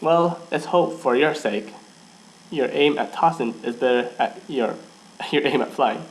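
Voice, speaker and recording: A man's voice: medium pitch, unhurried, slight background noise, natural voice, low-quality recording. A man voicing a tough, teasing farm pony mare with a put-on Southern drawl in a storybook reading.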